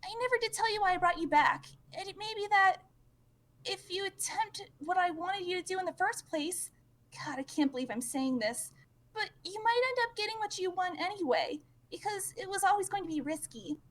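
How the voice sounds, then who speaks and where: A woman's voice: very high voice, lively intonation, fairly quick, a bit bright, pitched below the performer's own voice. A woman voicing a patient young girl who soothes and shushes a grieving friend in a webcomic read-aloud. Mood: soothing. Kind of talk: reading a webcomic aloud with voices. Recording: long hall reverb.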